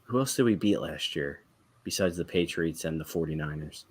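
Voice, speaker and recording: A man's voice: sits low, expressive, normal speed, husky. A man co-hosting a casual sports podcast, breaking down plays analytically and quizzing the others on stats. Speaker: podcast co-host.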